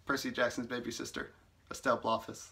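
Bright-voiced man rambling casually. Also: mid-range voice, little pitch movement, fast talker. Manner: rambling and chatty, full of "like" and "you know"; playfully exasperated, teasing. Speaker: book reviewer. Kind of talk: casual vlog commentary.

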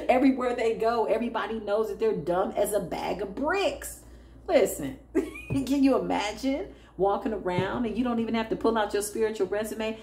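A woman's voice: medium pitch, expressive, a little fast, darkish tone. A woman giving a casual tarot reading to her viewers, blunt and sassy, laughing as she talks. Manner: sassy, blunt, laughing, calls listeners "child". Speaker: tarot reader. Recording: echoey room with faint noise.

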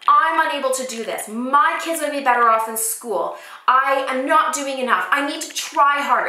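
A woman's voice: a little high, pushed and bright, slight background noise. A woman in her thirties who homeschools, giving heartfelt, encouraging advice straight to camera at home. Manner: earnest, encouraging, acts out inner thoughts. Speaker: homeschooling mom vlogger. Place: home set. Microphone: camera mic. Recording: echoey room, faint camera focus clicks.

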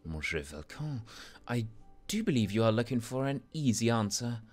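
A man's voice: medium pitch, big pitch swings, normal speed, a little mellow, faint music behind. Man voicing a haughty young noblewoman for a game playthrough, lilting and formal. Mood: aloof. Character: prim young noblewoman in prison, aloof and polite.

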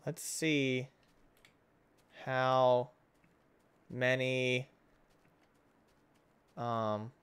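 Excitable man narrating his gameplay. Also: mid-range voice, extremely slow, pauses often, smooth. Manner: excitable, jumps between loud outbursts and hushed muttering. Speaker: gaming channel host. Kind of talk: casual let's-play commentary.

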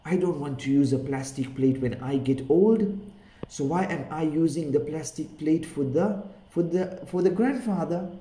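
A man voicing a young mother who scolds an old grandfather and then regrets it, raising his voice higher for her. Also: moderate pace, dark tone, close to an everyday voice. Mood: remorseful. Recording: roomy echo.

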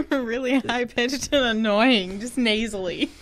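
A woman's voice: a little high, slow, a bit bright. A woman co-hosting a comedy podcast, with dry, offhand remarks. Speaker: podcast co-host. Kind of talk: casual comedy chat. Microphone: studio mic.

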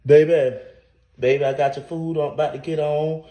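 A man's voice: fairly high pitch, fairly even intonation, moderate pace, warm tone, lightly acted. A man playing a scorned, vengeful wife who talks sassily to viewers in a comedy cooking skit. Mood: vengeful, sassy. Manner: sassy, talks straight to viewers with "y'all" and "honey".

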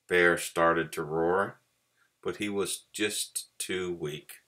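A man, a pastor, reading a story aloud to children with expressive storytelling. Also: sits low, extremely slow.

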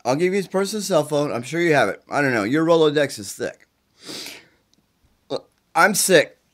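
A sick, worn-out middle-aged man rants and pleads in a slightly high voice, swearing as he goes. He sounds agitated and run down with the flu. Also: expressive, moderate pace, fairly bright tone. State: sick with the flu, congested and tired. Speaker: self-recording video poster. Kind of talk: rambling direct-to-camera plea. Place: indoors at his mother's home.

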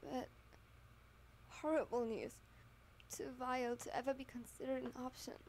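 A woman narrates a fan audio story with dramatic, emotional expression. Her voice is mellow and a little high. She draws the listener into every line. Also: little pitch movement, moderate pace, a little hiss or hum.

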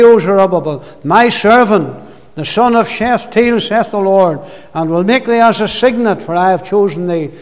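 High-voiced preacher in a hall. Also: male voice. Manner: warm emphatic preaching, rising to fervent exclamations and dropping to soft endings. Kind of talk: sermon. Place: gospel hall. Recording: long hall reverb.

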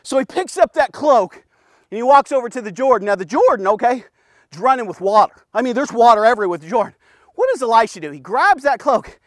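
A man giving a casual, energetic men's devotional, talking to the listener in punchy bursts and often checking in with "okay?". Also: very high-pitched, fast talker, no room sound, clean studio sound. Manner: punchy, keeps asking "okay?", bursts of loud exclamations. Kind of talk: casual energetic Bible teaching.

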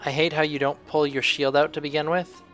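A young man hosting a co-op game session, reacting excitably to the action and chatting casually. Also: a little high, brisk, lo-fi sound, faint music behind. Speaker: gaming channel host. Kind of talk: casual gaming commentary.

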